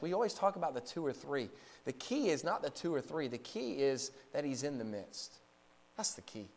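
Guy preaching, pretty high voice, goes quiet then builds up loud, keeps asking the crowd questions. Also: expressive, normal speed. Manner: swings between hushed lows and rising emphatic peaks; asks the congregation rhetorical questions. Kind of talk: sermon.

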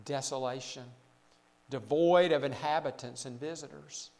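A man preaching a sermon as pastor, swinging between loud emphatic lines and quiet, low asides, repeating words for weight. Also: lively intonation, moderate pace, long reverb tail, rough recording.

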